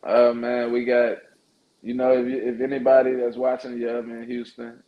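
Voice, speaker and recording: A man's voice: mid-range voice, monotone, moderate pace, highs cut off. A man from Texas, a boxer answering interview questions in a laid-back, hesitant way with many "uh"s and "yeah"s. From Orange, Texas. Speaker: professional boxer.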